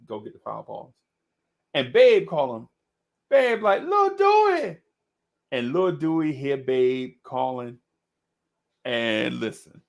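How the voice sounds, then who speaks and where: A middle-aged man telling a story in an animated, casual way, laughing often and calling his listener "bro.". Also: medium pitch, creaky. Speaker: podcast host.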